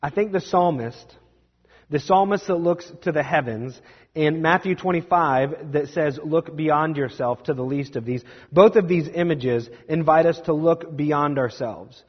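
Young guy pastor, slightly high voice, chatty self-deprecating sermon, dull recording. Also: big-room sound. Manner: conversational, self-deprecating, quick asides.

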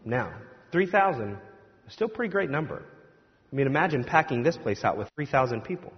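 A man's voice: mid-range voice, very animated, brisk. A male pastor giving a conversational, joking sermon in a church sanctuary, acting out the voices of the crowd. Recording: dull sound with long hall reverb.

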